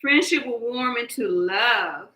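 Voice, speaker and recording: A woman with a high, bright voice chats through a casual tarot reading. She is animated and playful, joking and laughing between cards, and her voice rings in an echoey room. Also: slow. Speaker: tarot card reader.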